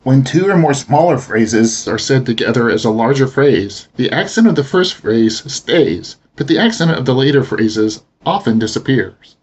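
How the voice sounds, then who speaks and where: A man teaching a language lesson, explaining pronunciation slowly and deliberately. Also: medium pitch, expressive, darkish tone, breathy edge, muffled recording. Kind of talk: instructional narration.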